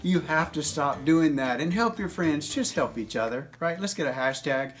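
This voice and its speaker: A man in his fifties giving advice to young people in a teasing, jokey lecture. His voice sits slightly high for a man. He talks casually and directly. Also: expressive, normal speed. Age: 50s. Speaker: advice video host.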